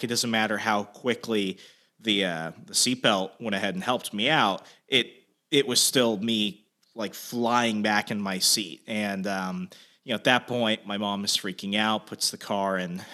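A man hosting a casual chat, telling a story with lots of swearing and shouted quotes. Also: on the low side. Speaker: host.

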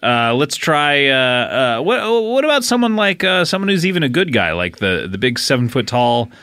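A man's voice: medium pitch, very animated, normal speed, pushed and bright, dry recording, clean studio sound. A man co-hosting a podcast, chatting in casual comedic banter, playful and teasing, laughing often. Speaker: podcast co-host.

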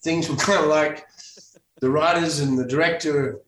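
An Australian man recounts his acting days with animated energy, slipping into the voices of his younger self. His voice sits fairly high, and he comes across a little distant in a roomy, echoing space. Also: moderate pace. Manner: animated storyteller acting out his own past lines. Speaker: guest, former soap actor. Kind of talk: storytelling in podcast interview.

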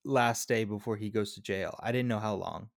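A man's voice: lowish voice, moderate pace, gravelly, no echo. Podcast guy talking movies, kinda hesitant, thoughtful, dry mic sound. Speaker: podcast co-host. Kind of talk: casual movie review chat.

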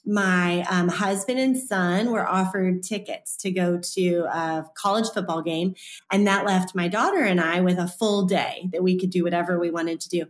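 A woman's voice: fairly low pitch, normal speed. A woman in her thirties, an author and guest, telling a story in an interview and acting out the quoted voices. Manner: animated, acts out quoted voices. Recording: roomy echo.

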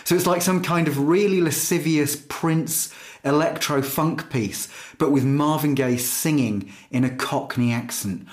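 A man co-hosting a music podcast, talking in a thoughtful, loosely hesitant way with frequent pauses. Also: on the high side. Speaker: podcast co-host. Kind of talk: casual music chat.

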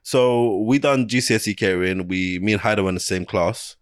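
Young london guy on a podcast, lowish voice, dry close sound, chatty and slangy. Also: a little fast, no echo. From England. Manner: animated storytelling, slangy. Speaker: podcast co-host. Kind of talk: casual chat.

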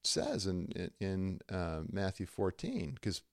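A man with a fairly low voice hosts a faith podcast and tells stories in an animated way, acting out the people he quotes. The sound is dry and close, with no room around it. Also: takes it slowly, creaky, dry recording. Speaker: podcast host.

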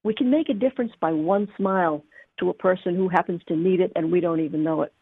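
A woman tarot teacher giving gentle, encouraging readings on a call-in show, with frequent fillers. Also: on the low side, quick pace, slightly rough, dry recording. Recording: dry, tinny phone-like sound.

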